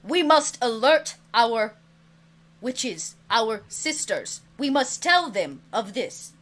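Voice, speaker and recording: A woman voicing a fussy male lizard familiar who talks in slow, grave proclamations. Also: fairly high pitch, big pitch swings, fairly bright tone, full character voice. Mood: urgent.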